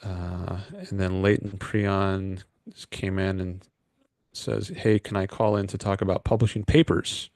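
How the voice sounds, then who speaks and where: A man's voice: low voice, level tone, a little slow, darkish tone, no echo, studio quality. A man hosting a call-in livestream, rambling and hesitant with lots of fillers. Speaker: livestream host taking calls. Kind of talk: casual livestream chat.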